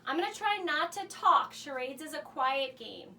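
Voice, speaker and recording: Recorded from a distance in a home laundry room with a faint hum in the background, a woman hosts a children's show and urges young viewers on as they guess animals in a charades game. She speaks at a moderate pace in a high voice, animated and encouraging toward the kids watching.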